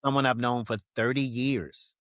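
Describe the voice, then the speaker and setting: A man's voice: medium pitch, fairly even intonation, moderate pace, no echo, studio quality. A man speaking as an interview guest, talking candidly and reflectively with many "you know what I mean" fillers.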